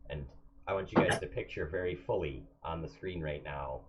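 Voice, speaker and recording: A man's voice: a bass voice, moderate pace. A man narrating as game master of a tabletop game, hesitant and full of fillers. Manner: hesitant, many fillers, relaxed. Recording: dull lo-fi recording, faint hiss.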